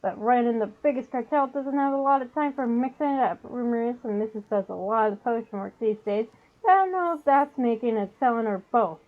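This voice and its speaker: A woman's voice: on the high side, fairly quick, phone-quality sound, natural voice. Woman doing a gossipy old goblin gal. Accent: put-on New York. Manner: gossipy, conspiratorial, folksy.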